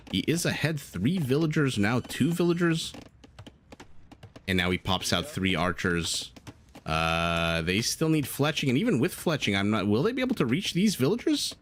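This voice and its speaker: A man's voice: medium pitch, big pitch swings, normal speed, a little hiss or hum. A man casting a strategy game live, chatting and laughing with his viewers between plays. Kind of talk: live esports commentary with chat.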